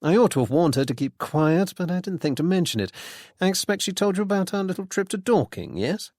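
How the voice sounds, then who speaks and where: A man reading an audiobook, voicing a young gentleman amateur detective with a bland, politely ironic manner. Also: high voice, expressive, fairly quick, dry recording, studio quality, voice pushed up. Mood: probing. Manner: politely ironic, mock-innocent.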